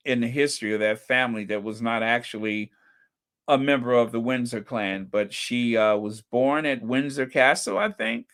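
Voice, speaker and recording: A man's voice: medium pitch, fairly bright tone, smooth. A man hosting a casual live-stream chat, chatty, reading out viewer names and comments and laughing often. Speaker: channel host.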